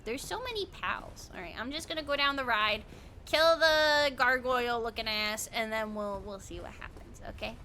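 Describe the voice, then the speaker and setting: A woman's voice: fairly high pitch, normal speed, sharp tone, slight background noise. A woman streaming a video game, chatting casually, giggling often and swearing playfully. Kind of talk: casual gaming commentary.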